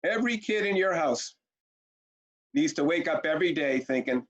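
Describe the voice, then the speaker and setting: A man's voice: on the high side, expressive, moderate pace, muffled recording. A man presenting a parenting webinar, telling stories energetically with rhetorical questions and repeated words for emphasis. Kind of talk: energetic storytelling lecture.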